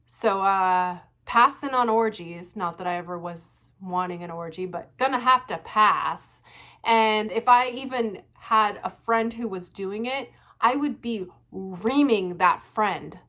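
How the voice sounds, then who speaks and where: A woman vlogging her casual reaction commentary, animated and laughing often, with frequent swearing. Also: mid-range voice, takes it slowly.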